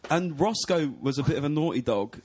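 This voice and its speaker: A man's voice: fairly high pitch, lively intonation, a little fast, background noise. A man telling an anecdote on a casual podcast, swearing freely and laughing as he goes. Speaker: podcast co-host. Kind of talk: casual storytelling chat. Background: faint music.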